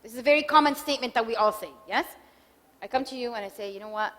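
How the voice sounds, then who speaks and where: A middle-aged woman speaks to a group about marriage in a relaxed, conversational way. She slips into short acted-out lines for husbands and wives. Her fairly high voice carries a long hall reverb. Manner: conversational, acts out spouses' lines in quick examples. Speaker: speaker giving a talk. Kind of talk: marriage workshop talk.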